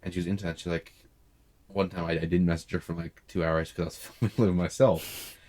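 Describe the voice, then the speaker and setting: A young man with a very low, deep voice tells a story in a relaxed podcast chat. He rambles in an animated way, restarts his sentences and fills them with "like". He makes online videos. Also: brisk.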